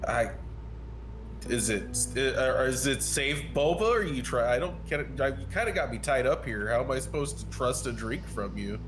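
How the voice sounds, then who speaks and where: A man's voice: mid-range voice, animated, normal speed. Man, hesitant player, mid voice, music in the background. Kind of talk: tabletop role-play.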